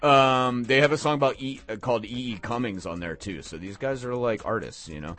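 A man's voice: mid-range voice, a little fast, a bit bright. A man filling in as a late-night radio DJ, chatting casually about punk records with rambling, enthusiastic tangents. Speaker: guest radio DJ.

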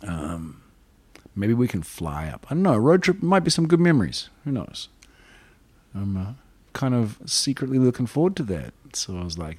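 A man from New Zealand hosting a radio show, chatting in a relaxed, rambling way between records. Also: fairly low pitch, moderate pace, slightly rough, dry recording.

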